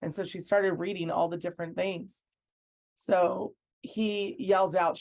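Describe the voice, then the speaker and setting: Low-voiced woman coach telling her story. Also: little pitch movement, a little slow, darkish tone. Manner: earnest storytelling that acts out what others said. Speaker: basketball coach, interview guest. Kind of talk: recounting events in an interview.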